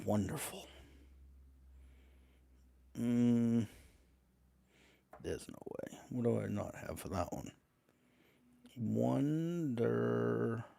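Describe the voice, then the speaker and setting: New male live-streamer, gravelly, slow and chatty, greets viewers, dry close sound. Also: on the low side, warm tone, no room sound. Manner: reads letters aloud while greeting chat viewers. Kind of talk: casual live-stream chat.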